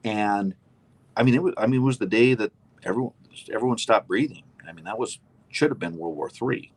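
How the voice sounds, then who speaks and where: A man's voice: fairly low pitch, a little fast, slightly rough. A man co-hosting a casual political chat show, emphatic and opinionated, rambling with restarts. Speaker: co-host.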